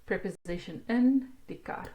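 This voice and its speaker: A woman teaching a language lesson, explaining grammar slowly and translating each example sentence. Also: medium pitch, warm tone. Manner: slow, explaining each word and translating line by line.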